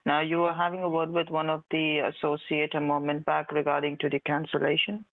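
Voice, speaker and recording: A man's voice: a little high, completely flat delivery, fairly quick. A man posing as a support agent on a call, evasive and stalling, repeating himself. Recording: tinny dry phone line.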